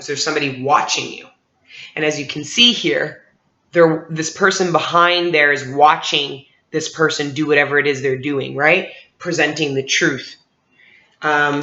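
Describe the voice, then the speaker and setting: A man's voice: fairly high pitch, pushed and bright. A man in his forties giving a casual tarot reading to viewers, talking conversationally and checking in with them as he goes. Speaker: tarot reader. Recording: roomy, slightly dull recording.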